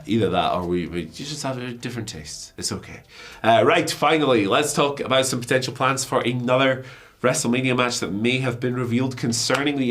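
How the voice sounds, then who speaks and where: A hoarse man with a flu, hosting wrestling news in a chatty, self-mocking way with many fillers. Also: mid-range voice, fairly bright tone. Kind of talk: casual news commentary.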